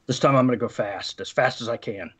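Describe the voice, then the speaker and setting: A man playing a tabletop game, stating his character's actions in a halting way with repeated words. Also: mid-range voice. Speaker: player.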